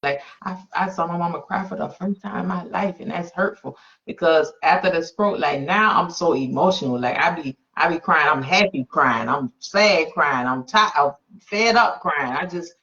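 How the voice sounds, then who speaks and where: A woman hosting a faith-based interview podcast, emphatic and quick to exclaim and affirm. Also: sits low, a bit bright. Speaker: podcast host. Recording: dull lo-fi sound.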